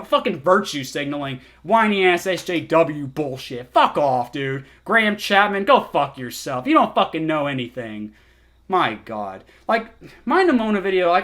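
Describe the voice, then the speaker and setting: A man's voice: high voice, fairly bright tone. A young man ranting in a comment reaction vlog, exasperated and sarcastic, swearing a lot. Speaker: video essayist.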